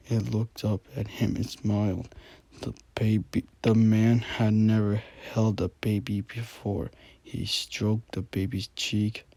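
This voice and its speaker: A man reading a scary story aloud in a quiet whisper, adding asides and correcting himself. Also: on the low side, no echo. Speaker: channel host reading a story.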